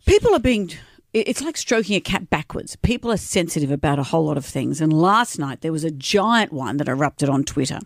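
A woman's voice: low voice, sing-song, fairly quick, dry recording. Australian woman, radio co-host, wry chatty asides, dry studio sound. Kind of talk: breakfast radio chat. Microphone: studio microphone.

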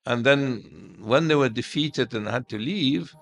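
Gravelly older man, halting and repetitive. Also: mid-range voice, soft background music. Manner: halting, repeats words, animated when quoting others. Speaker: interview guest. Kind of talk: conversational interview storytelling.

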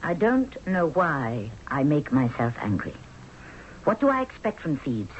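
Radio drama: proud indignant queen, animated, faint hiss, dull vintage sound. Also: sits low, unhurried. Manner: haughty, indignant. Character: proud idealistic Egyptian queen. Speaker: actress. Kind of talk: 1970s radio drama acting.

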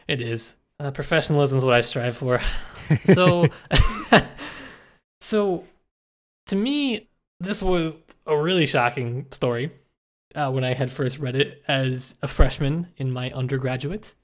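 A man co-hosting a podcast, relaxed and joking as he talks through a story and lists points one after another. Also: medium pitch, takes it slowly. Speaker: podcast co-host. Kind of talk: casual book discussion.

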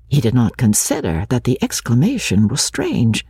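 A woman radio host narrating a classic novel in a measured, expressive dramatic reading. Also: very deep voice, breathy edge, dry recording, clean studio sound.

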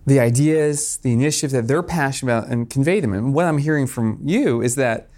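A man's voice: mid-range voice, brisk, darkish tone. A middle-aged man hosting a podcast interview, easygoing and joking as he chats with his guest. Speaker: podcast host. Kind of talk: conversational interview.

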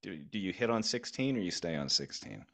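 A man hosting a sports business podcast, asking questions in a playful, lively way. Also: sits low, brisk, vocal fry. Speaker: podcast host. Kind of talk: podcast interview and outro.

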